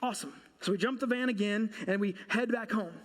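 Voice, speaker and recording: A man with a notably high-pitched voice preaching from the pulpit. He tells a comic personal story with lively timing and throws questions out to the congregation as he goes. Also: fairly quick. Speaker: pastor. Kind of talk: storytelling sermon.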